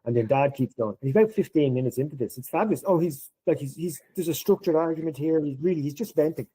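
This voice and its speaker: A fairly high, slightly rough male voice comes through quickly on poor audio. The speaker, a middle-aged Irish podcast guest, animatedly tells an anecdote while acting out the quoted words of the people involved.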